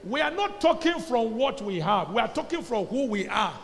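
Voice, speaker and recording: A pastor with a Nigerian accent preaches emphatically to his congregation, calling out to them and swinging between loud shouts and quiet asides. He is very animated, with vocal fry, a moderate pace, and hardly any pauses. The church hall gives a long reverb over faint background noise.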